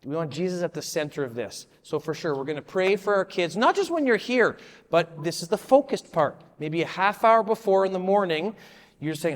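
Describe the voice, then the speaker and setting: A man, a children's ministry leader, runs a live volunteer training session in a room with a big-room sound. He speaks casually in a high voice with lively intonation at a moderate pace, repeating answers from the group.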